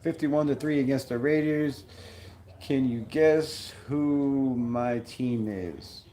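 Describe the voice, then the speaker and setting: A man hosting a live game-watch stream, excitable and blunt, calling plays, griping about flags and greeting chat viewers. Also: mid-range voice, takes it slowly. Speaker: livestream host.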